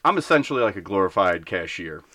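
Brash young man ranting, bright voice. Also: low voice, sing-song, fast, no room sound. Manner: blunt, ranting, acts out voices in stories. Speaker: podcast co-host. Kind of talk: casual podcast chat.

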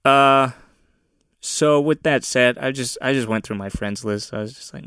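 A young man of Mexican descent ranting casually on his own, profane and often laughing, with loud bursts of emphasis. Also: mid-range voice, measured pace, clean tone, dry recording, clean studio sound. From of Mexican descent, USA. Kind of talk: casual solo rant.

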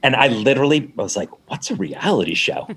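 Animated middle-aged man telling a story. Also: mid-range voice, brisk, gravelly, a little hiss or hum. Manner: animated, acts out quoted dialogue, swears casually. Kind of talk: casual storytelling chat.

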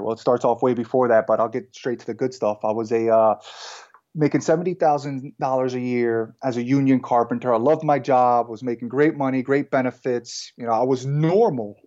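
A man being interviewed as a guest, telling his life story in a relaxed, casual way with frequent fillers and restarts. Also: mid-range voice, highs cut off. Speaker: guest entrepreneur.

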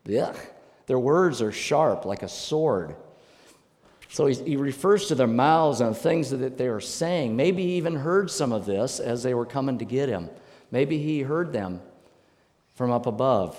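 Male pastor, mid-pitched, animated preaching style, long hall reverb. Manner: emphatic, animated preaching with sudden loud bursts. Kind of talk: sermon.

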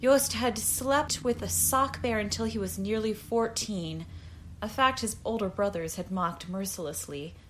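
A woman narrates a story in a measured, even reading. Her pace is slow and her pitch sits in the middle range. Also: slight background noise. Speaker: audiobook narrator. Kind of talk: scripted narration.

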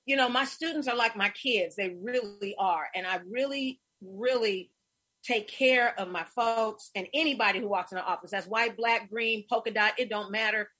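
Middle-aged woman host, husky bright voice, effusive storyteller, casual chat. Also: on the high side, moderate pace.

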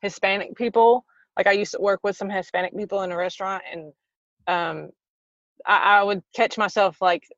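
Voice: mid-range voice, steady tone, fairly bright tone, dry recording, muffled recording. Laughing guest with a southern drawl. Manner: laughs often, quick and self-deprecating. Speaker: podcast guest. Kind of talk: casual conversation.

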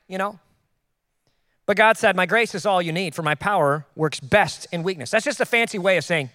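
A man preaching a sermon in a casual, joking way, with quick asides to the congregation. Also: sits high, bright, forceful tone, no echo, studio quality. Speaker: pastor. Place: church.

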